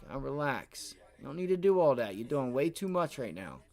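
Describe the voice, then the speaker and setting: A man streaming live from home, giving excitable, profane trading commentary while talking to himself and his viewers. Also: medium pitch, normal speed, creaky. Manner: excitable, swears, talks to himself and chat. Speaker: livestream day trader.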